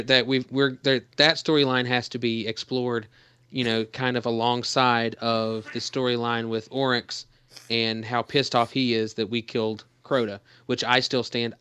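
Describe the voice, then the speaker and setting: A man's voice: medium pitch, flat delivery, moderate pace, bright, forceful tone, clear, resonant tone, no room sound. A man co-hosting a gaming podcast, talking in a rambling casual way with lots of fillers and restarts. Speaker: podcast co-host.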